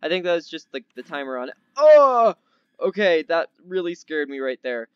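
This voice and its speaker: A young man giving casual, excitable gameplay commentary as a gaming YouTuber, easily startled and chatty, with a slightly odd put-on accent. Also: on the high side, fast, smooth, dry recording, highs cut off.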